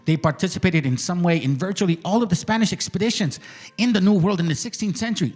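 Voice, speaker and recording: Brief: profane, swaggering male host, higher-pitched voice, arguing hard on a stream and reading text aloud. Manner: claims he talks like this without getting mad. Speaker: channel host. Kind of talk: heated livestream argument, reading passages aloud.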